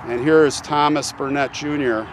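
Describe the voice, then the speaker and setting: A channel host visits a grave at a military cemetery for an on-location vlog, speaking earnestly and reverently straight to his viewers. His fairly high voice keeps a steady tone at normal speed, with background noise present.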